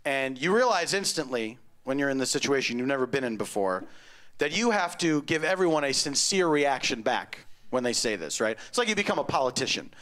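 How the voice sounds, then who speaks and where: A middle-aged man telling a stand-up story on stage, wry and deadpan with sudden loud outbursts. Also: mid-range voice, fairly quick. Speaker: stand-up comedian. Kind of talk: stand-up comedy set. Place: comedy club stage before a live audience.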